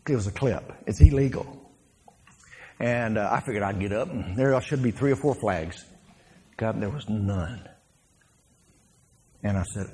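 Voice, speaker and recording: A man, a former pro football player, telling stories from his playing days as a sermon to a congregation, laughing and shouting his punchlines. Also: on the low side, measured pace, long pauses, husky.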